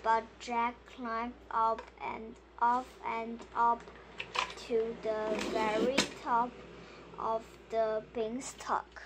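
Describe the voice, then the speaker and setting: A woman's voice: a little high, level tone, very slow, noisy background. A woman reading a storybook aloud word by word, stopping to correct herself as she goes.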